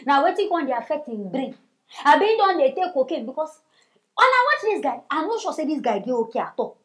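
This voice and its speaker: A Nigerian woman hosting comedy news, talking quickly with a high, bouncy voice. She mocks the story with animated commentary and calls out to her viewers. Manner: animated, mocking, addresses viewers. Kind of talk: commentary in Pidgin.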